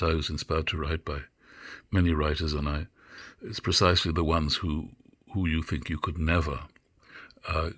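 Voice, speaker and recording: Older man, deep gravelly voice, musing drama lecture, halting with fillers, dry close sound. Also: a bit bright, no room sound. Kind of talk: unscripted lecture.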